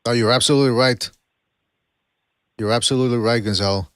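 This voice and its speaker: A man hosting a call-in podcast, talking in loose, animated chat with a mocking edge and lots of restarts. English is not his first language. His voice sits mid-range and sounds close and dry. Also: mid-range voice, fast talker, dry recording. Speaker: podcast host. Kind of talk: casual call-in show chat.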